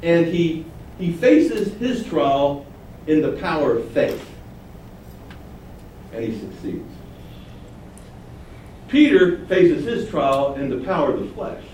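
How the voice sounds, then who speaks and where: A man preaching a sermon, animated, acting out quoted lines with sudden rises. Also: a little high, slow, long pauses. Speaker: pastor. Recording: very echoey room, distant mic, faint noise.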